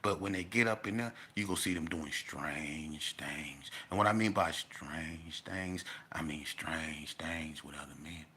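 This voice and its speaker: A man's voice: extremely low pitch, a little slow, few pauses, bright, forceful tone, a little hiss or hum. Blunt man telling stories in street slang. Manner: blunt, street slang, addresses the audience directly. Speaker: storyteller. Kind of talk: casual storytelling to camera.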